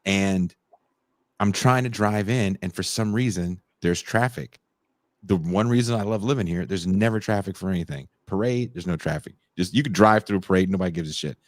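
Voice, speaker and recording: A man co-hosting a casual podcast, talking in an animated, profane way and often breaking into laughs and shouts. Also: deep voice, moderate pace, no room sound. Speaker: podcast co-host. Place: home in Mexico.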